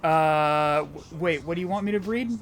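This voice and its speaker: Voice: mid-range voice, normal speed. A streamer giving casual gameplay commentary, rambling, joking and swearing.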